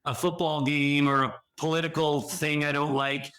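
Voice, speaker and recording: A man's voice: a little high, level tone, normal speed, bright, forceful tone. A middle-aged man talking earnestly as a podcast guest, explaining at length with frequent restarts. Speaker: podcast guest, addiction and sexual health counselor. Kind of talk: conversational podcast interview.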